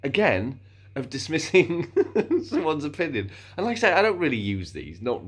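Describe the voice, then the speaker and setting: A man's voice: on the high side, normal speed, husky. A man talking casually to camera in a rambling vlog monologue, often stopping and restarting his sentences. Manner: meandering, self-interrupting, playfully animated, slips into silly voices. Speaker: vlogger.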